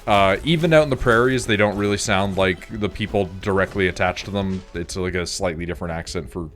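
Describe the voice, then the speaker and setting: A man's voice: low-pitched, a little fast, a bit bright, soft background music. A Canadian man rambling casually while gaming, swearing freely and filling his talk with "like". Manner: rambling, profane, heavy on fillers. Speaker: gaming streamer.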